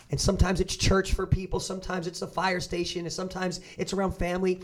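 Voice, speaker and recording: A man's voice: high voice, flat delivery, fast, few pauses. A man hosting a podcast, talking earnestly and encouragingly in a casual conversation. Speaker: podcast host and fitness coach.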